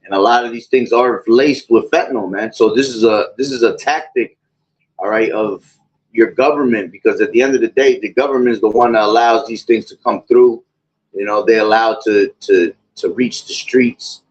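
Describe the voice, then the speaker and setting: A man's voice: fairly low pitch, normal speed, muffled recording. A man hosting religious commentary, talking in a rambling way with many fillers like "you know" and "all right". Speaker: host of a religious talk channel. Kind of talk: preaching commentary.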